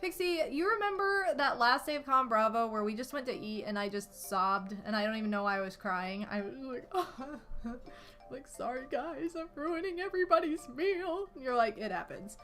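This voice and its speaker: A woman's voice: fairly high pitch, moderate pace. Chatty young woman gaming streamer. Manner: chatty, animated storytelling with lots of "like" and laughs. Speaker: streamer playing a video game. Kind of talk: casual gaming stream chat. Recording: game music faintly behind.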